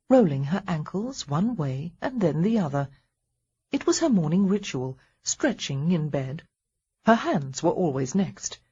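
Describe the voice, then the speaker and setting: A woman narrating a historical romance audiobook in a calm, even storytelling manner. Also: fairly low pitch, breathy edge, lo-fi sound. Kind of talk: scripted narration.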